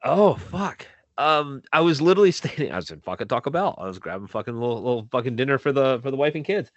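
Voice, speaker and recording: A man's voice: mid-range voice, animated, fast, no room sound, muffled recording. A man co-hosting a casual chat over a video call, telling stories with a lot of swearing and laughter. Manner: profane, laughing storyteller. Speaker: podcast co-host.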